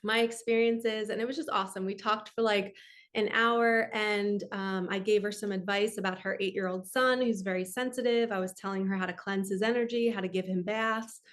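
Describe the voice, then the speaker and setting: A woman's voice: medium pitch, steady tone, moderate pace. A woman hosting a spiritual talk, telling a personal story in an earnest, heartfelt, chatty way. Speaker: spiritual podcast host.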